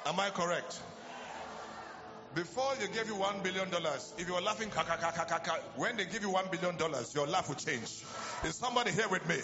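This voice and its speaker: A man's voice: high voice, brisk, background noise. A man preaching a sermon, calling out to the congregation and repeating commands. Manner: shouting, repetitive calls to the congregation. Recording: muffled recording with loud music behind. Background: loud music.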